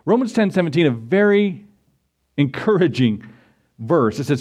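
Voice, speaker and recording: A man's voice: fairly high pitch, expressive, normal speed, long pauses, a little mellow. A man preaching a sermon in a folksy, storytelling way, acting out quotes and little scenes as he goes. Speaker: pastor.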